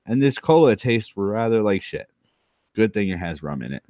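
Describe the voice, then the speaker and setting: A man's voice: fairly low pitch, sing-song, normal speed, mellow, no room sound, studio quality. A tipsy man hosting his own channel, rambling through crude, self-mocking commentary as he drinks. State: tipsy from rum. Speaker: channel host.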